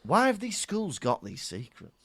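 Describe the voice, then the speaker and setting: A man's voice: sits high, wildly swooping pitch, a bit bright, slightly rough. A man co-hosting a podcast in casual, playful comedic chat. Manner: playful, quick banter. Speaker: podcast co-host.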